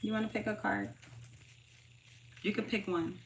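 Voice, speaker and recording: A woman's voice: medium pitch, fairly even intonation, normal speed, creaky, a little hiss or hum. A woman giving a casual, slangy tarot reading, stressing her points by repeating phrases. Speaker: tarot reader.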